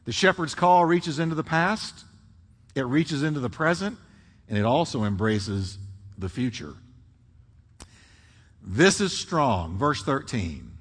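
A man preaching a sermon, swinging between booming emphasis and hushed, drawn-out phrases. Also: big pitch swings, slightly rough. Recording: long hall reverb.

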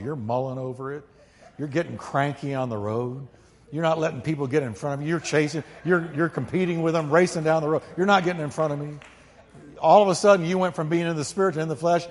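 A male pastor preaching a sermon emphatically, swinging from quiet, low asides to loud, ringing peaks and calling on the congregation to repeat after him. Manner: calls on the congregation to repeat lines. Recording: long hall reverb.

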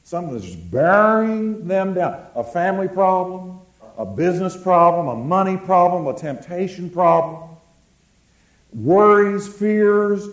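A man preaching a sermon, calling on the congregation to answer and slowing down to stress words. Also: high voice, lively intonation, reverberant, rough recording. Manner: preaching with call-and-response, slowing words for emphasis. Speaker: pastor.

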